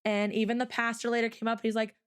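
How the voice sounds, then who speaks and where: A fast-talking streamer and host with a fairly high, smooth, level voice tells a story on her livestream. She fills it with "like" and "um," frequently speeds up further, and acts out her earlier words.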